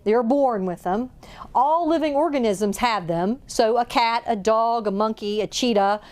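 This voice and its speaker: A woman's voice: on the high side, unhurried, darkish tone. A woman teacher giving a methodical classroom health lesson, explaining terms step by step.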